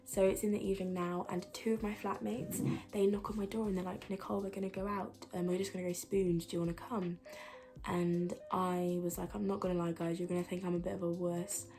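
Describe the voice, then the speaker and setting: Chatty young woman, flat low voice. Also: brisk, faint music behind. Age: young adult. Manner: chatty, rambling with many fillers and restarts. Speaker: student vlogger. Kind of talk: casual chat to camera.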